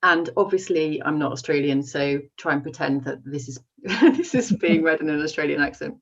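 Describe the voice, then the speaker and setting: A woman's voice: low-pitched, normal speed, husky. A woman novelist on a literary panel, speaking thoughtfully with many ums and restarts, then reading from her book. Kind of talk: book talk and reading aloud. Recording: muffled audio, distant mic.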